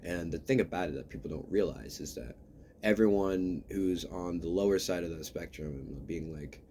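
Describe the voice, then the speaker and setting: A man's voice: sits low, moderate pace, mellow, a little hiss or hum. A man talking in a casual vlog, rambling and ranting with a lot of swearing. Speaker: vlogger.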